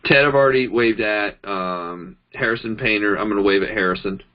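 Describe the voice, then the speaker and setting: A man's voice: on the low side, brisk. Guy telling marketing stories, plays out the back-and-forth, kinda muffled sound. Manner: chatty, animated storytelling, acts out quoted dialogue. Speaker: network marketing trainer. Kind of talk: casual training talk. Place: indoors, demonstrating on a phone.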